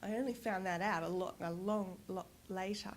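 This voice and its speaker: A middle-aged woman giving a conference talk, telling personal stories in a candid, animated way and laughing often. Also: mid-range voice, normal speed, a little hiss or hum. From Australia. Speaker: conference speaker. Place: conference stage.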